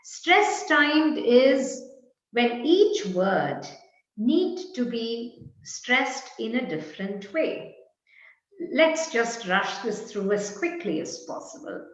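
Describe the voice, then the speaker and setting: A woman with an Indian English accent leads an online pronunciation workshop, talking slowly through example sentences. Her voice sits fairly high and rises and falls a lot. The call audio is muffled and very echoey. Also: very animated. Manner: slow, deliberate, with example sentences. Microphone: video call.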